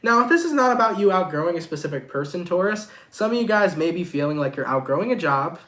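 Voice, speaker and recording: Young man, stuffed-up voice, a bit high, hosting a laid-back tarot vlog with slangy, upbeat talk. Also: lively intonation, quick pace, pushed and bright. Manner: casual, upbeat, slangy, talks straight to viewers. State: congested. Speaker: tarot reader. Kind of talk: casual tarot reading vlog.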